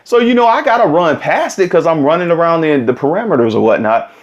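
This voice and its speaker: A man's voice: a little high, quick pace, highs cut off. A man hosting a vlog, telling a story in casual, slangy talk straight to his viewers. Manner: animated, slangy, direct address. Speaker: vlog host.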